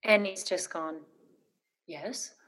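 A woman's voice: mid-range voice, fairly even intonation, moderate pace. A woman in her thirties, an interview guest telling a personal story, hesitant with many ums and rambling when nervous.

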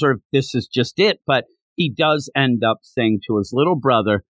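A man co-hosting a podcast, chatting casually about a manga chapter and acting out characters' lines in quick voices. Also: medium pitch, lively intonation, a bit bright, no room sound. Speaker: podcast co-host.

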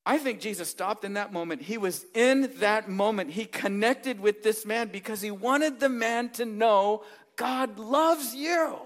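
A man preaching a sermon as pastor, earnest and emphatic, dropping to hushed passages and rising to raised ones. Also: high voice, normal speed, hardly any pauses.

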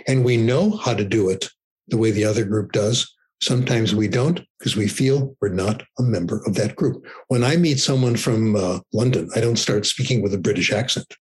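An older American man explaining his views on language learning in a relaxed, wandering way, often checking in with "okay?". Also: lowish voice, normal speed, breathy edge, low-quality recording. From United States. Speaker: guest, language researcher. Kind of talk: conversational explanation.

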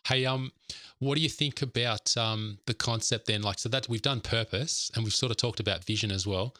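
A man's voice: mid-range voice, normal speed, pushed and bright, dry recording, studio quality. A man co-hosting a startup podcast in casual, conversational and agreeable chat. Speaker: podcast co-host.

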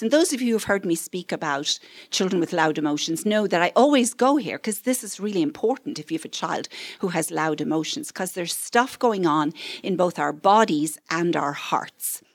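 A middle-aged woman counselor giving a parenting seminar talk, expressive and acting out the voices of parents and children. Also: lowish voice, brisk.

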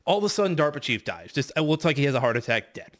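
A man's voice: on the high side, very animated, rapid-fire. A man racing through a casual game recap, rambling and profane, full of fillers and restarts. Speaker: podcast competitor recapping a game.

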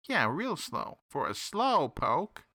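A man's voice: a little high, wildly swooping pitch, slow, pushed and bright, dry recording, voice pushed up, exaggerated voice. A man voicing a smug, teasing male salamander detective who drawls out his mockery in a sing-song way. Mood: mocking.

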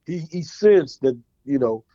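A man's voice: medium pitch, lively intonation, a little slow, dark tone, no room sound. A man hosting a casual chat, talking in laid-back slang. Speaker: podcast host. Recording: dry, dull lo-fi sound.

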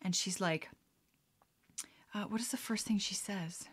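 This young woman's mid-range, slightly rough voice is unhurried as she hosts a casual podcast at home. She mixes a drink on camera, rambling and breaking into giggles often.

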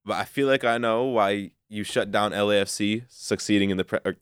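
A man's voice: fairly low pitch, fairly even intonation, a little fast, smooth, no echo, studio quality. A man co-hosting a sports podcast, laid-back and chatty. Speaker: podcast co-host. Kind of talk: casual chat.

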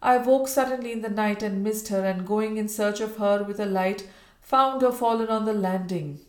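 A woman's voice: mid-range voice, normal speed, a little mellow, natural voice. A woman reading an agitated Victorian colonel. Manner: trembling, agitated. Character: anxious Victorian husband, a colonel, alarmed at dawn. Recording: roomy echo.

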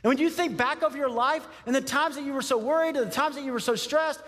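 A man from Texas preaching a sermon in an animated, conversational style, with frequent asides to the congregation. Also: very high voice, quick pace, big-room sound. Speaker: pastor.

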